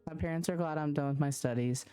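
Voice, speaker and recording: A woman reading aloud the love letters of a young woman in a game, in a soft, wistful way. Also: sits low, fast, clear, resonant tone, faint music behind, natural voice.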